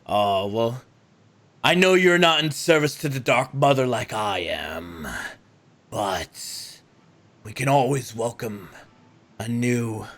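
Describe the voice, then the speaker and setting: Man doing a hushed, creepy cult devotee. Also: mid-range voice, lively intonation, slow pace, long pauses. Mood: sinister. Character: creepy male cult devotee of a dark goddess.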